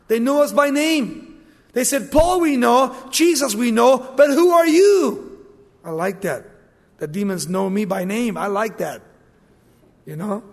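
A man preaching a sermon, dramatic and animated, acting out the voices in the passages he quotes. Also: sits high, creaky, long reverb tail.

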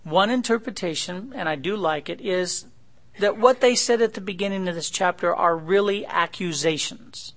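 Gravelly high-voiced male preacher. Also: moderate pace, a bit bright. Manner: self-correcting, repeats phrases, rises to emphatic reading of scripture. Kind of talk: sermon, expository Bible teaching.

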